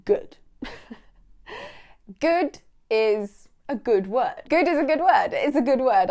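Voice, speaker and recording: A woman's voice: medium pitch, a little mellow. A young British woman teaching English vocabulary in a casual, playful way, laughing often.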